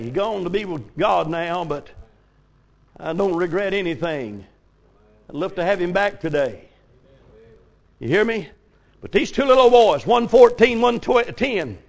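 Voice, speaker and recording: An older man preaching a folksy revival sermon, telling stories and rising to sudden shouts. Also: very high-pitched. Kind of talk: old-fashioned revival sermon.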